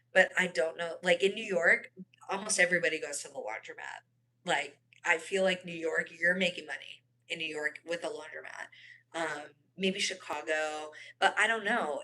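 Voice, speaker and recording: Low-voiced woman chatting on a livestream. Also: bright, forceful tone. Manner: rambling, chatty, many fillers and self-corrections. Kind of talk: casual livestream chat reading comments.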